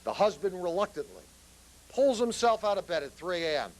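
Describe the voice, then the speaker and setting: A man's voice: sits high, big pitch swings, moderate pace. An earnest man giving a public speech as a guest speaker, telling a story to make his point.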